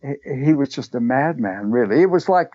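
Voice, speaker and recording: A man's voice: medium pitch, lively intonation, moderate pace, warm tone, no room sound. An older man, a theater writer, chatting in an interview and telling anecdotes, chuckling as he goes. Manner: chatty storyteller, chuckles while telling, acts out quoted voices. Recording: dry, dull lo-fi sound.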